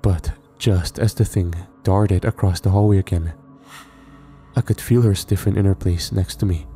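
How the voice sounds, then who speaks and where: A man narrating a horror story in a measured storytelling manner. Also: low-pitched, steady tone, warm tone, faint music behind.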